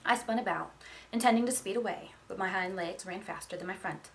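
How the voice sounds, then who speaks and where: A woman reads a novel chapter aloud as an expressive first-person narrator. Her voice has a gravelly, creaky texture at a mid pitch. A faint noise sits under the recording. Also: fairly quick. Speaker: audiobook reader. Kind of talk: storybook reading.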